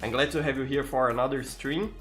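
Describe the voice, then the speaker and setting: With soft music in the background, a man with a mid-range voice talks briskly. He's a tired Brazilian streamer speaking with a Brazilian Portuguese accent, casually greeting viewers by name and restarting often in a relaxed manner.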